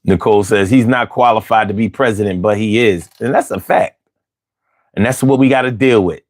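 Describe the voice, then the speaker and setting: A man's voice: fairly low pitch, a little fast. A man hosting a late-night livestream, ranting with heavy profanity and talking back to his chat. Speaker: livestream host.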